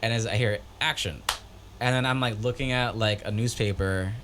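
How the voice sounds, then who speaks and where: Give me a lower-voiced man telling a story. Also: moderate pace, noisy background. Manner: animated storyteller, acts out quoted voices. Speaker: podcast co-host. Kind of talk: casual chat.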